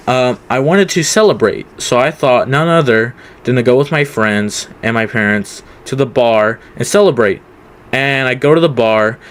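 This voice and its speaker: A man's voice: mid-range voice, clear, resonant tone. A young man from California telling a rambling personal story in a casual storytime vlog, with lots of fillers and restarts. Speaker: vlogger.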